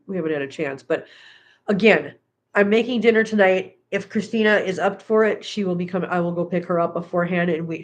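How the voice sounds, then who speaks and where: Casting note: woman vlogger, chatty live-stream host on a couch at home, talks to her cats. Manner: chatty, coos at her cats in a high baby voice. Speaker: cat channel host. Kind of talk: casual live-stream chat.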